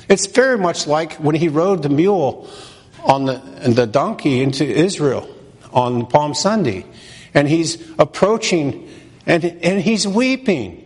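A man preaching from the pulpit in a measured, deliberate rhythm, repeating his questions for emphasis. His voice sits a little high for a man. The sound carries a long reverb, as if in a large church. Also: slightly rough. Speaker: pastor. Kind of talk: sermon.

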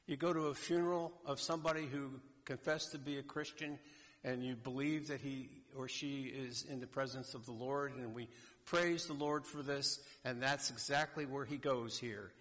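A man preaching a sermon slowly and emphatically, addressing a congregation. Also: mid-range voice, a bit bright. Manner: slow, deliberate, emphatic preaching. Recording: long hall reverb.

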